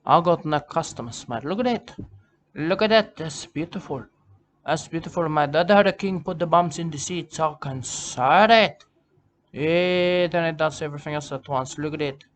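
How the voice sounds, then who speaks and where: A man's voice: a little high, moderate pace, a bit bright, a little hiss or hum. A man, rambling through a comic monologue and repeating his catchphrases over and over. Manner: repetitive, rambling, drops catchphrases. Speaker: comic host.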